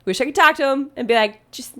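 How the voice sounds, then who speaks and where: A woman's voice: sits high, fast, pushed and bright. A woman wedding planner reacting to posts in casual, chatty commentary, laughing often.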